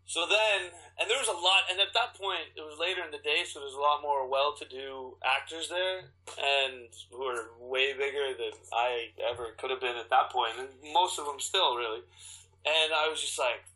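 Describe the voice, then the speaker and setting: A man's voice: fairly high pitch, bright, forceful tone, low-quality recording. A man from Canada, an actor and guest, telling a rambling, profane story full of restarts. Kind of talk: animated storytelling.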